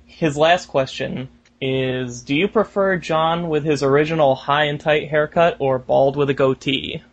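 A man's voice: a little high, fairly even intonation, measured pace. A man hosting a podcast, reading out questions and reacting with short chuckles. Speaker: podcast host. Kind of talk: casual interview chat. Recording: muffled podcast audio.

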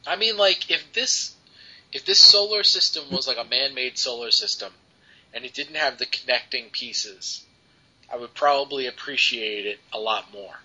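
A man's voice: medium pitch, expressive, moderate pace, bright, forceful tone. A man co-hosting a podcast, reviewing comics in casual chat with many ums and restarts. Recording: dull lo-fi podcast audio.

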